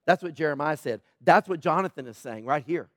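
A male pastor delivering a sermon with a notably high voice. He talks to the congregation in a conversational, earnest way and hammers home key phrases by repeating them. The sound is dry and close, with no room echo. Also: animated, brisk. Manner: conversational, calls out to congregation members.

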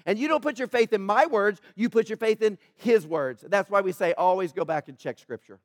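A man preaching a sermon as pastor, emphatic and addressing the congregation directly, swinging between loud build-ups and hushed asides. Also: high voice, a little fast, no room sound, studio quality. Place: church, in front of a congregation.

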